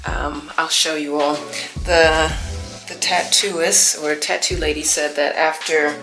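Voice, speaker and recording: A middle-aged woman vlogging to camera in casual chat, animated and exclaiming, trailing off into soft musing, with faint music behind. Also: low-pitched, slow pace.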